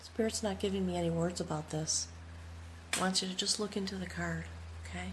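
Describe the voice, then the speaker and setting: A woman giving a spoken tarot reading, talking in an awed, reverent way and sometimes dropping to a soft whisper. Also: lowish voice, steady tone, a little fast, slight background noise. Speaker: tarot reader.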